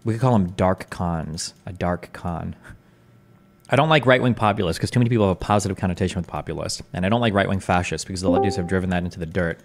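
Fast-talking man hosting a stream. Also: low-pitched. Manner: quick, restless, hedging and questioning. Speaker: streamer host. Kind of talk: casual livestream debate chat.

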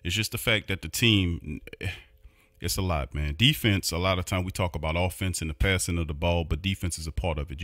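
New orleans guy hosting a sports podcast, heated rant, lowish voice, dry close sound. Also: a bit bright, no room sound. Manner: heated, ranting, repeats himself in frustration. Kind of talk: opinionated sports recap.

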